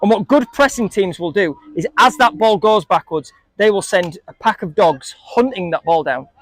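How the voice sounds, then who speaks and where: A man with a high, expressive voice and fairly bright tone coaches a group of young football players at a moderate pace, with no echo. He asks the kids questions and jokes around with them.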